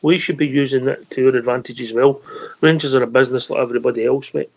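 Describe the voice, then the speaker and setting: A man's voice: medium pitch, steady tone, quick pace, creaky, slightly rough. A man hosting a casual radio phone-in, blunt and full of ums, calling everyone mate. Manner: blunt, calls people mate, hesitant fillers. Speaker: phone-in host. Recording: lo-fi online radio audio.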